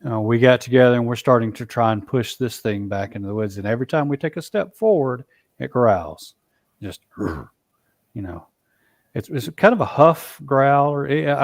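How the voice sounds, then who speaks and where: Halting storytelling man, dry sound. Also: on the low side, a little mellow, no room sound. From Alabama, US. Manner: halting, many fillers and restarts. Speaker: Bigfoot researcher guest. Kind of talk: casual storytelling.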